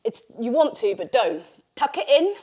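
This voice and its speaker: Upbeat woman instructor, out of breath mid-workout, chatty and encouraging, voice a touch high. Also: big pitch swings, normal speed, a little mellow, husky. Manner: chatty, encouraging, with fillers like "like" and "okay". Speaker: fitness instructor.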